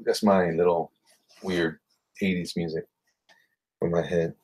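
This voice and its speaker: A man's voice: low voice, little pitch movement, a little slow, a little mellow, breathy edge. A man chatting casually with viewers while drawing on a livestream, rambling and muttering to himself.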